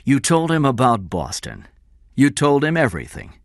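A man's voice: mid-range voice, huge pitch swings, moderate pace, no echo, studio quality, pitched above the performer's own voice. A man reading aloud and voicing a ruthless middle-aged businessman with a hard, clipped manner. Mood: bitter. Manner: hard, clipped, erupts into screaming.

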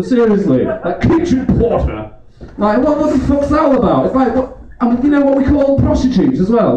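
A man's voice: very high-pitched, very animated, normal speed, dark tone, far from the mic, slight background noise. A drunk man doing a rambling stand-up set in a comedy club, swearing constantly and laughing as he goes. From England. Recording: roomy club recorded from afar, dull, crowd laughter. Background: audience laughter.

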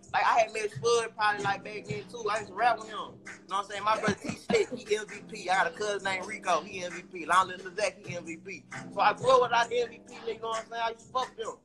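High-pitched rapper guy in his 20s running his mouth, hyped and profane, some music faint in back. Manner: animated, profane street slang, boastful. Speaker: rapper guest. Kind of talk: casual interview storytelling.

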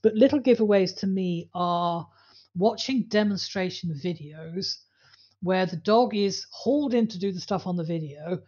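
A woman's voice: lowish voice, measured pace, mellow, breathy edge, muffled recording. A woman co-hosting a podcast about dog training, talking casually and telling anecdotes with acted-out voices. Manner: storytelling, acts out voices in anecdotes.

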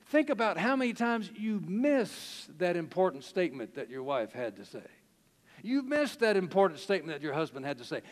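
A man preaching a sermon, telling stories, reading quotes aloud and chuckling often. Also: high-pitched. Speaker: pastor. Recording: long hall reverb.

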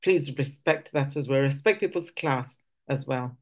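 With a bass voice and a darkish tone, a Nigerian woman speaks in an unhurried way during a church service. Her conversational teaching talk features frequent restarted sentences and acted-out quoted speech.

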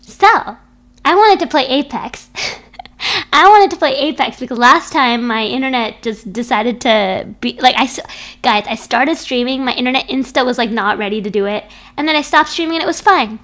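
A woman's voice: high-pitched, moderate pace, a bit bright. A young woman streaming from home into a desk microphone, chatting casually and playfully with her viewers, often giggling.

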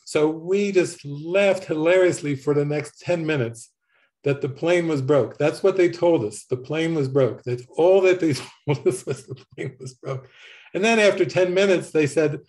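Man teaching, chatty story mode, laughs a lot, kinda high voice. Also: measured pace. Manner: animated, laughing often. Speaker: spiritual teacher. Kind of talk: storytelling talk.

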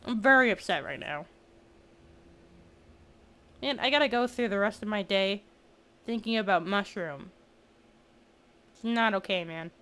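A woman's voice: mid-range voice, expressive, a little slow, long pauses, sharp tone, clear, resonant tone. A woman commenting on a video game as she plays, chatty with exaggerated reactions. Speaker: gameplay streamer. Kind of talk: let's play commentary.

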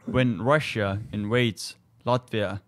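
Man, Estonian native speaker, lowish voice, halting English, casual podcast chat. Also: steady tone. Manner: halting English with many fillers and restarts. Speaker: comedian and army sergeant, guest.

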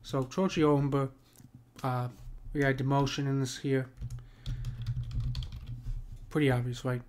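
A man's voice: medium pitch, flat delivery, darkish tone, a little hiss or hum. Casual man teaching meter, asking "right?". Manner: conversational, checks in with "right?" often; slows down to read verse lines aloud. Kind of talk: casual screen lesson on poetic meter.

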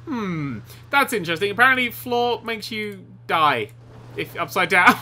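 A young man giving excitable, giggly let's play commentary on a game, with sarcastic asides. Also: sits high, moderate pace, background noise. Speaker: gaming YouTuber.

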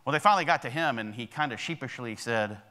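A man's voice: mid-range voice, fast, bright, forceful tone. A male pastor preaching a sermon in a church, talking conversationally and often checking in with the congregation. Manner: conversational preaching with frequent "okay?" and "right?" check-ins to the congregation. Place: church sanctuary.

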